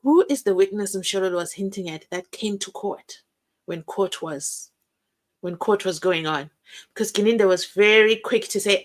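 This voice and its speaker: A young South African woman hosting a live stream. She chats and reads viewer comments in an animated way, acting out quotes and laughing often. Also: mid-range voice, moderate pace.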